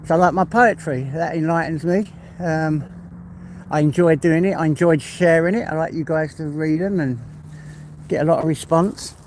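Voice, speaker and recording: Brief: English man, walk-and-talk vlogger, out of breath, chatty and heartfelt, slightly higher voice, faint outdoor hiss. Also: moderate pace, a little mellow, rough recording. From England. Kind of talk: casual walk-and-talk monologue.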